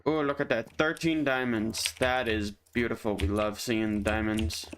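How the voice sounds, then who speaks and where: A man's voice: on the low side, steady tone, a little slow, fairly bright tone, a little hiss or hum. A man streaming a game, chatting casually and teasing his viewers while he plays, laughing often. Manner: joking, teasing, answers chat, laughs often. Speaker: gaming streamer. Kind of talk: casual live-stream chat over gameplay.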